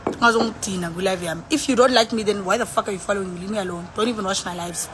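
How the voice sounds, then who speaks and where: A woman's voice: medium pitch, rapid-fire, background noise. A tipsy woman with a South African accent, rambling and sighing in casual live-stream chat, switching between languages as she talks into her phone. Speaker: livestreamer.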